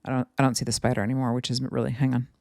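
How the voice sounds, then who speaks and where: A woman's voice: extremely low pitch, little pitch movement, rapid-fire, gravelly, darkish tone, no echo, clean studio sound. A woman in her thirties hosting a podcast, chatting at home in a rambling, casual storytelling way full of asides. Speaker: podcast host.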